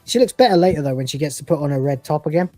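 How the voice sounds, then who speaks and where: A man in his forties riffs through a casual live episode review. He is crude and swears freely, laughing often between thoughts. His voice sits at a middling pitch and sounds dry and close, with a little faint music behind. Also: animated, racing, warm tone, dry recording. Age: 40s. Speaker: podcast co-host reviewing episodes.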